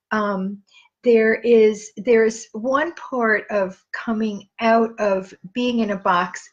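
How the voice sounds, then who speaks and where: A middle-aged woman hosting her own live stream, talking through personal memories in a casual monologue, rambling with many restarts and fillers. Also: mid-range voice. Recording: slightly dull lo-fi audio.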